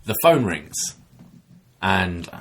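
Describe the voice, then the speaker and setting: A man's voice: extremely slow, slight background noise. A man casually telling a long story in a chat, rambling with lots of fillers and acting out other people's voices. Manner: animated storyteller, acts out quoted voices with big pitch jumps. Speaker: podcast co-host telling a bar story.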